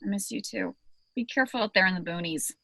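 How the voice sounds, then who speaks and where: A woman's voice: medium pitch, fast, creaky, bright, forceful tone, dry recording. An actress playing a young college woman talking to her friend on the phone, with playful, teasing banter. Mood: sleepy, tender. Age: young adult. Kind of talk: audio drama acting.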